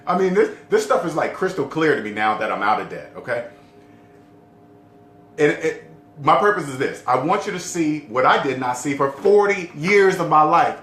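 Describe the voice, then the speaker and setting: A middle-aged man talks casually to the camera, emphatic and repetitive. His voice sits a little high and swings widely in pitch. The room adds a noticeable echo, with a faint rumble underneath. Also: animated, moderate pace, a bit bright. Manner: emphatic, repeats key points, asks the viewer questions. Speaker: debt-free living vlogger.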